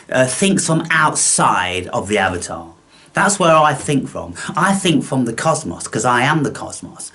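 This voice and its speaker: A man delivering an angry, contemptuous, profane monologue as the host of his own channel. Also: medium pitch.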